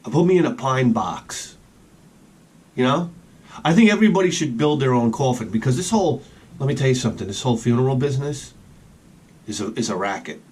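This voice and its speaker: A man's voice: medium pitch, expressive, fairly quick, long pauses, a little mellow, breathy edge. A man rambling in a casual vlog outdoors, chatting with joking asides about his collection. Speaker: collector vlogger.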